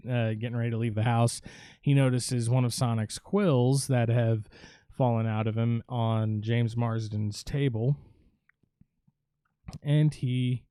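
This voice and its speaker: A male live streamer with a mellow, dark, smooth voice, talking through a film recap in a rambling way. He swears freely and leans on fillers, and the sound is dry and close. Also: medium pitch, dry recording. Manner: rambling, profane, with many fillers.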